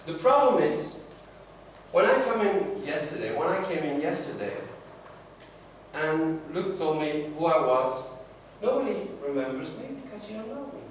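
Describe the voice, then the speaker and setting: Male sales trainer, slightly high voice, workshop storyteller, heard from across an echoey training room. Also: sing-song, moderate pace, slight background noise. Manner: storytelling, acts out quoted dialogue. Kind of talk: classroom workshop talk. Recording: very echoey room, mic far off.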